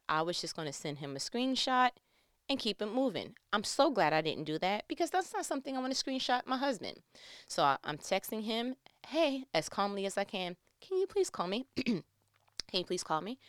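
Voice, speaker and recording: Animated woman telling a story. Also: on the low side, clear, resonant tone, no echo, clean studio sound. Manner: animated, swings from hushed to loud and emphatic; faith-filled, conversational. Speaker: vlogger telling a personal story. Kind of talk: casual storytelling.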